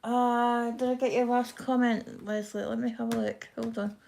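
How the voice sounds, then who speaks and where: A woman with a broad Scottish accent chatting quickly and casually to viewers on a live craft stream while she stitches. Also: a little high, little pitch movement, gravelly, darkish tone. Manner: quick-talking, chatty, self-deprecating. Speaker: craft livestream host.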